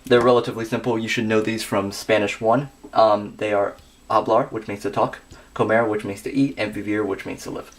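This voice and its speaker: A young man giving a scripted grammar lesson, working through verb endings slowly and methodically. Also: fairly low pitch, steady tone. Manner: methodical, reads conjugations slowly with pauses.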